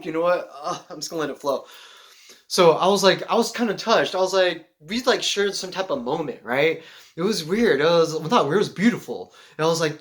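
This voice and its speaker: A young man from Seattle telling a rambling spiritual story to his vlog, excitable and animated, peppered with "like" and swearing. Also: fairly high pitch, a little fast. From Seattle, USA. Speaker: vlogger.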